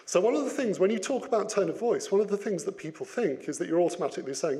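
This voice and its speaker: A man giving an interactive business talk, lively and playful, putting questions to his audience. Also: sits high, fast talker, hardly any pauses. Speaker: business speaker.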